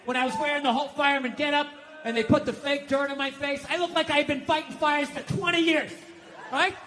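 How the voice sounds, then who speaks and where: A man's voice: very high-pitched, steady tone, fairly quick, background noise. A middle-aged man doing a stand-up comedy set, telling profane, exasperated stories in a ranting way. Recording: live stage recording with hall reverb.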